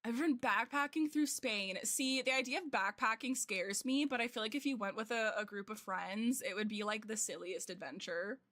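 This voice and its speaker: A woman's voice: mid-range voice, normal speed, few pauses, fairly bright tone, no room sound. A young woman streamer chatting casually with her viewers at home, rambling and self-deprecating with lots of fillers. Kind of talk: casual chat with chat while gaming.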